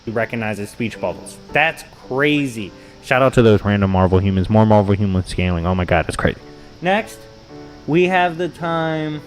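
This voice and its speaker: An animated man hosting a casual video, recounting comic-book stories with plenty of slang. His pitch rises and falls in a lively way while he laughs along at the funny parts. Faint music sits low in the background. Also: normal speed, low-quality recording. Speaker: host.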